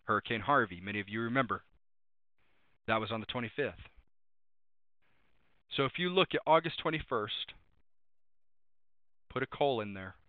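A man's voice: medium pitch, expressive, moderate pace, pauses often, smooth, no room sound. A man preaching a sermon, speaking emphatically, repeating refrains and citing Bible verses by chapter and number. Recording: tinny phone-like dry sound.

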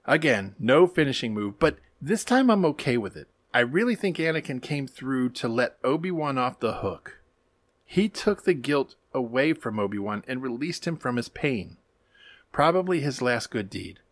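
A man co-hosting a podcast, giving a casual, animated recap with wry asides and casual swearing. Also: medium pitch, moderate pace, no room sound. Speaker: podcast co-host.

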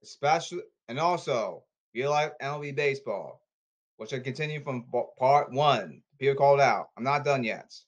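In a lo-fi recording, a podcast host with a mid-range voice delivers a repetitive, scolding monologue at normal speed, clearly agitated.

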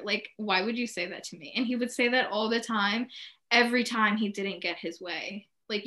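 A young woman in casual podcast chat, talking openly in quick bursts full of "like" and restarts. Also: medium pitch, fairly bright tone. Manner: talks in many short bursts filled with "like", candid and emotional. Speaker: podcast co-host.

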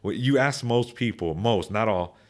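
A young man chatting casually on a podcast, rambling with many restarts and repeated words, now and then turning animated. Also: fairly low pitch, moderate pace. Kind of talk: casual opinion chat.

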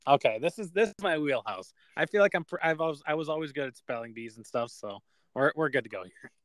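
A man's voice: a little high, lively intonation, fast talker, a bit bright, no room sound. Young man, podcast co-host, casual chat, frequent swearing, self-mocking laughs, dry sound. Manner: swears often, laughs at himself.

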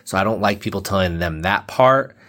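A man's voice: low-pitched, a little fast, fairly bright tone. A young man hosting a comedy podcast, rambling and joking with lots of fillers. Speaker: podcast host. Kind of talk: casual comedy podcast chat.

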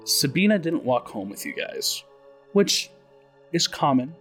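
A man narrating as game master of a tabletop role-play, relaxed and full of fillers. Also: a little high, measured pace, soft background music. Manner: relaxed, with many fillers and restarts.

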